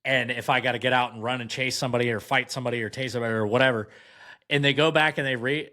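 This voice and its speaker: A man's voice: mid-range voice, racing. A young man, a podcast guest, telling a long anecdote in casual chat and acting out what others said. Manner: animated anecdote, acts out quoted voices.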